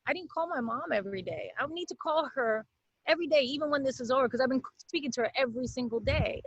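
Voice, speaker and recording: Talk show guest, woman, high voice, lively storyteller, dry dull video-call sound. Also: quick pace, husky. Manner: animated storyteller, laughs often. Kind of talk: casual talk show chat. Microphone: video call from home.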